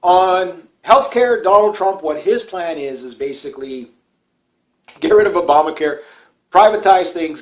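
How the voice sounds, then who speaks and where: A man's voice: medium pitch, rough recording. A man from Canada giving casual solo political commentary, rambling with frequent fillers and restarts, opinionated and dismissive.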